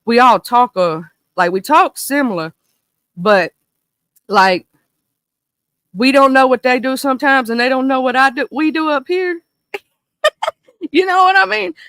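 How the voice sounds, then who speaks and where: Bright, goofy Mississippi-accented woman. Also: high voice, unhurried, pauses often, clean tone, no room sound. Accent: Mississippi Southern US. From small town in northern Mississippi, USA. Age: 30s. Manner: goofy, animated, talkative, goes off on tangents. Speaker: livestream host. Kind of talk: casual livestream commentary chat.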